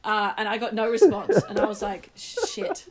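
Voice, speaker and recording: A woman telling a story in casual chat, animated and laughing often. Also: mid-range voice, a little fast, crowd noise.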